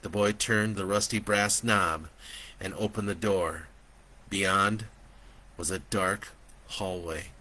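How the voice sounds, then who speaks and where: Man, author reading own horror book, slow and deliberate, bright forceful tone. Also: low voice, fairly even intonation, rough recording. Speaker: author reading his novel. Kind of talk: audiobook narration.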